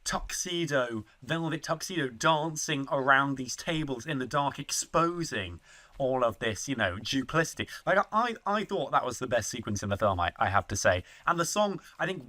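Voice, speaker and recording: A man's voice: mid-range voice, expressive, moderate pace, pushed and bright. A man co-hosting a film review podcast, talking thoughtfully in casual chat with hesitant restarts.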